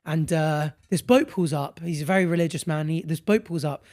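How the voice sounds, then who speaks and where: A young British man with a bright, fairly high voice, chatting on a podcast. He tells stories with energy, slips into little character voices for the people in them, and laughs easily. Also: a little fast. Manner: animated, acts out voices in anecdotes, laughs often. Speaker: podcast co-host. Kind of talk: casual chat and storytelling.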